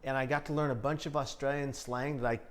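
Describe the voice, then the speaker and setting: A man's voice: medium pitch, steady tone, fast. A man interviewing a guest, earnest and speaking with conviction. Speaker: interviewer and documentary maker. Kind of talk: casual conversational interview.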